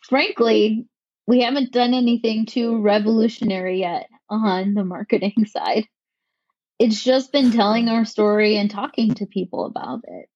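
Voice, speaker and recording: A woman co-founder answering interview questions in a measured, articulate way, with a touch of dry sarcasm. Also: fairly high pitch, fairly even intonation, darkish tone, no echo, lo-fi sound. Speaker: company co-founder.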